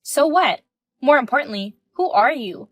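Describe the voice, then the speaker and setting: A woman's voice: high-pitched, expressive, moderate pace, fairly bright tone, dry recording. A woman in her thirties reading a scripted text story, speaking in an indignant, questioning way. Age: 30s. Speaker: story narrator voicing the wife.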